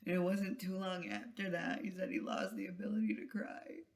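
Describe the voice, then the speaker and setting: A vlogger retelling a story in a soft, halting, emotional way, with trailing phrases and whispered asides. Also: medium pitch, flat delivery. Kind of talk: casual spoken vlog retelling.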